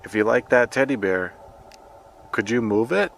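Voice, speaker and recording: A man exploring a forest cemetery as a ghost hunter, gently asking questions aloud to an unseen presence. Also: mid-range voice, animated, moderate pace, creaky, slight background noise. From United States. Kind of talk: paranormal investigation vlog.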